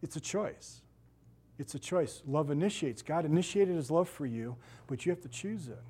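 A man's voice: fairly high pitch, animated, moderate pace, dark tone, husky. A middle-aged man preaching as a pastor, telling stories animatedly and acting out the voices of the people in them, laughing often. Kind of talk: sermon.

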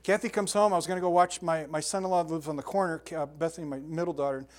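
Older male pastor, chatty animated sermon, voice sits a bit high. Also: quick pace. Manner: animated storytelling with sound effects and asides.

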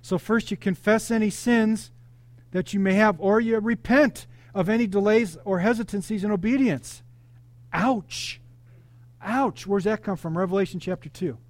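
A male pastor delivering an animated sermon, calling out questions to the congregation and telling personal stories. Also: high-pitched, normal speed, no room sound. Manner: animated, interactive preaching with congregation call-outs.

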